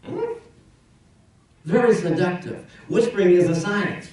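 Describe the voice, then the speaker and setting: Far from the microphone in a very echoey mosque prayer hall, a man leads the Friday sermon as imam, his high-pitched, sing-song voice a little slow and darkish in tone. He preaches conversationally, asking rhetorical questions while his voice climbs and falls.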